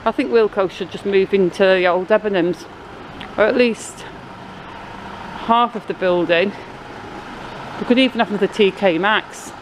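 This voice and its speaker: A woman from Blackpool, England, speaks at a moderate pace with long pauses, her voice in the mid-range. She's narrating a casual walking vlog on a busy town street, rambling through a story into a handheld camera mic as street noise goes on behind.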